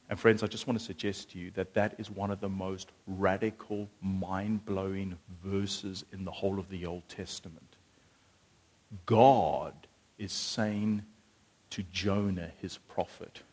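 A man preaching a sermon, animated and lively at times, then hushed and earnest. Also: low-pitched, unhurried. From South Africa.

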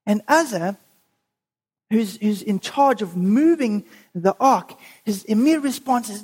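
An animated preacher works through a scripture story, acting out the voices of the people in it. His delivery is expressive and conversational, like a sermon told as a story. He has a medium pitch, a moderate pace and a breathy edge.

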